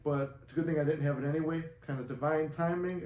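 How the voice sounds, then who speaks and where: Rambling profane motivational vlogger, echoey room. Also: male voice, fairly high pitch, fairly even intonation, fast, few pauses, darkish tone. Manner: rambling, loose and profane, encouraging. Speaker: manifestation vlogger. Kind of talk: casual motivational talk to camera. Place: his apartment. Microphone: no good microphone, voice muffled. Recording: echoey room with faint noise and muffled sound.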